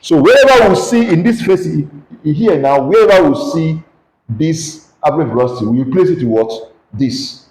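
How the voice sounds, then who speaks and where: Nigerian man teaching physics, lively. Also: a little high, normal speed, creaky, reverberant, rough recording. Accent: Nigerian English. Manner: questioning, coaxing students to answer aloud. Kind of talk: classroom lesson with call-and-response questions.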